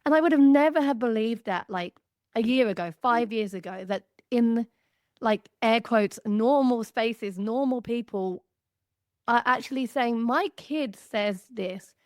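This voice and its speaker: A woman's voice: a little high, unhurried, dry recording. Chatty Australian woman, dry sound. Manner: animated, chatty, lots of "like" fillers. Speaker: guest author. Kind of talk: podcast conversation.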